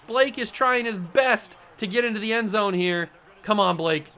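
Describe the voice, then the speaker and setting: Young male gaming host; bright, punchy delivery, excitable play-by-play over a football game. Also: high voice, moderate pace, clean tone. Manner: excitable play-by-play, gets loud on big plays. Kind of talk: video game commentary.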